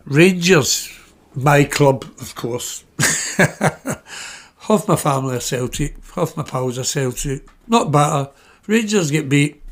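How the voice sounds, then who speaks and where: A Glaswegian-accented podcast host, middle-aged and from Glasgow, Scotland, shares stories from his own life in a voice on the high side. His telling is blunt and full of swearing, and he acts out the dialogue as he quotes it.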